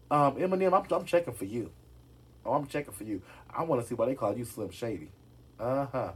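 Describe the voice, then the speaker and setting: A man's voice: medium pitch, sing-song, normal speed, slightly rough. A man chatting casually to his viewers about celebrity gossip, sassy and direct, often calling them "y'all". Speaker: gossip vlogger.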